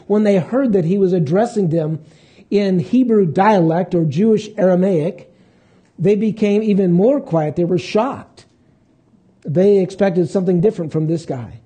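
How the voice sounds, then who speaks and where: Husky, dark-toned male preacher. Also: sits high. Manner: conversational preaching with pauses and restarts. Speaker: pastor. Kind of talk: sermon.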